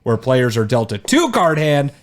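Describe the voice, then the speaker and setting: A man co-hosting a podcast in casual chat, relaxed and joking, often trailing off with fillers. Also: mid-range voice, moderate pace. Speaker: podcast co-host.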